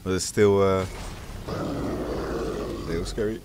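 A man's voice: low voice, steady tone, takes it slowly, darkish tone, slight background noise. A man commentating his video game playthrough, swearing often and getting frustrated as he fights. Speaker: gaming YouTuber. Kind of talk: let's play commentary. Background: video game music.

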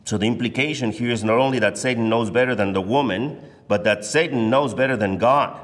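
A man gives a Bible lesson at a deliberate pace, leaning hard on the words he wants to land. His mid-range voice rings out with a long reverb in a large church hall. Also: medium pitch, a bit bright. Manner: measured, deliberate, emphatic on key words. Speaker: Sunday school teacher. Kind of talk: Bible teaching lecture. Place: church sanctuary.

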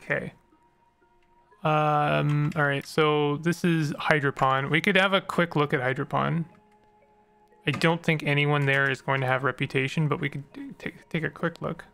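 A man's voice: fairly high pitch, steady tone, normal speed, vocal fry, a bit bright, clean tone, faint music behind. A man hosting a let's play, giving casual game commentary in a rambling way and stumbling over odd names.

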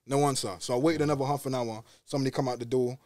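A young man from West London with a London accent, telling a story in casual podcast chat, quick and slangy, saying bruv at every turn. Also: medium pitch, fairly even intonation, mellow, no room sound, studio quality. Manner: fast and slangy, says bruv constantly. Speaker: podcast guest.

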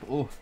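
A man on a live stream, coughing, sniffling and drooling as he talks casually, cursing freely and wincing in pain. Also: pushed and bright.

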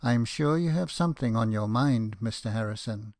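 A man reading an audiobook, voicing a gentle, sympathetic older woman in a soft, hesitant way. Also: medium pitch, a little fast, no echo, studio quality, natural voice. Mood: tender.

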